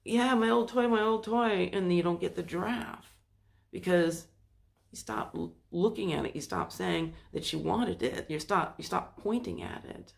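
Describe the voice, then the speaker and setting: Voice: mid-range voice, moderate pace, vocal fry. A host of a spiritual self-help channel, talking in a casual, rambling monologue with loose phrasing and restarts. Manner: acts out quoted voices in passing.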